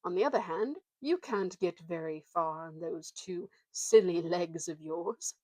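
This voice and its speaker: A grand, scornful talking horse, put on by a woman reading aloud, speaking in a lofty, drawn-out way. The voice sits a little low and sounds dry and close. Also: mellow, no room sound. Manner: haughty, lofty, drawn-out words. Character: proud talking warhorse, male, grand and scornful.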